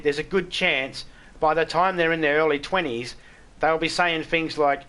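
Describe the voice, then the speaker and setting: Blunt Australian man, bright voice. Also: a little high, normal speed. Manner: blunt, swears freely, stammers on restarts. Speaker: game streamer chatting with viewers. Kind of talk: casual live-stream chat.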